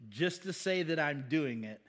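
Pastor guy talking scripture, kinda high voice, chatty, keeps asking questions and laughing. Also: lively intonation, measured pace, a bit bright. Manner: conversational, rhetorical questions, chuckles. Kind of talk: casual Bible teaching.

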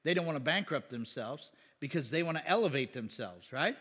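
A man delivering a sermon in a loose, conversational way, tossing in asides and chuckles. His voice sits a little higher than most men's. A long reverb trails each phrase, as in a big hall. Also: lively intonation, a little fast, a bit bright, breathy edge. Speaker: pastor.

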